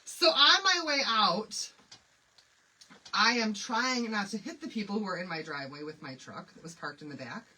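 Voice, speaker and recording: A woman hosting a craft livestream, telling stories in an animated, confiding way and talking to commenters by name. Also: mid-range voice, moderate pace, husky, far from the mic, rough recording. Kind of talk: chatty storytelling while demonstrating a craft.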